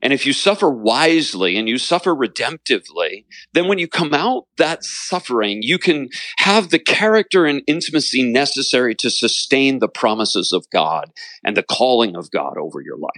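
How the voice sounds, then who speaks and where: A man's voice: medium pitch, sing-song, normal speed, bright, forceful tone, no echo. A man, a pastor, telling his story in an interview, with an earnest preaching cadence and repeated phrases. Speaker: pastor and author.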